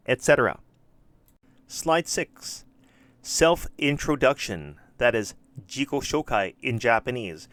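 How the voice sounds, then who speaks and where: Slow, careful man teaching English. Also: medium pitch, sing-song, a bit bright, dry recording. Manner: reads model questions and answers slowly and clearly. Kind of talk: slow lesson-plan walkthrough.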